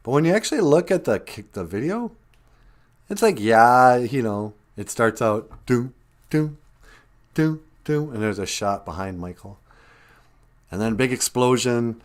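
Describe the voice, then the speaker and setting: A man's voice: mid-range voice, animated, normal speed. A man hosting a casual live stream, telling jokey stories with frequent chuckles and greeting viewers.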